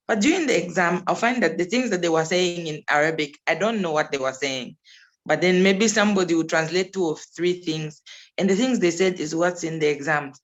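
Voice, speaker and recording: A woman's voice: fairly low pitch, brisk. A young woman, a native English speaker and recent graduate, answering questions in a casual chat, telling her story with frequent laughs. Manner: chatty, storytelling, laughs often. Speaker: graduate guest.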